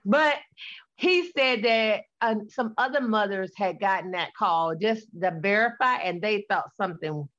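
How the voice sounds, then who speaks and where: A woman's voice: medium pitch, a little slow, fairly bright tone, dull audio. A woman in her forties, a guest in a casual conversation, telling blunt, colloquial stories about her sons. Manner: sassy, blunt storyteller, colloquial.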